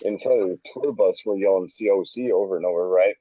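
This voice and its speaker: A man's voice: deep voice, fast, no room sound, highs cut off. A man hosting a podcast in casual chat, giving short laid-back reactions and swapping his own story.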